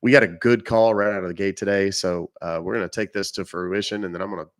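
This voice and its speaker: Middle-aged male streamer, lowish voice, loose and profane, nursing a cough. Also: fairly even intonation, fast, no room sound, studio quality. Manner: loose, joking, swears freely. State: coughing and sniffling. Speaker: livestream host baiting scammers. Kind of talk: casual live-stream chat.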